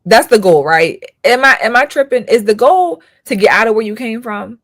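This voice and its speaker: A woman's voice: fairly high pitch, lively intonation, normal speed, no echo, studio quality. A woman in her thirties, a school counselor hosting her own channel, talking in a casual commentary style with emphatic rhetorical questions and frequent repetition.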